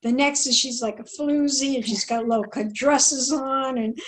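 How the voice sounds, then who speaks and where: A woman's voice: sits high, fairly even intonation, measured pace, poor audio. A woman hosting an interview over a video call, talking at length and telling stories with emphasis. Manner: talkative, rambling, emphatic storyteller. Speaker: interview host. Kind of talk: casual interview chat.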